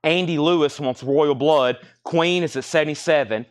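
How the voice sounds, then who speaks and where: A man hosting a live record sale indoors, briskly listing titles and prices in a chatty auctioneer way, a little choked up. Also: fairly high pitch. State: slightly choked, coughing. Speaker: livestream record seller. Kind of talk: live sales stream.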